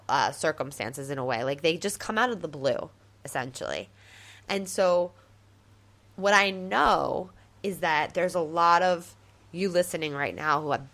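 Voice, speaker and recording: Bubbly low-voiced woman podcaster. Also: a bit bright. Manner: bubbly and gushing, many fillers like "like" and "so cool"; motivational, upbeat coaching tone. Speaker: podcast host and life coach. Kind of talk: casual podcast monologue.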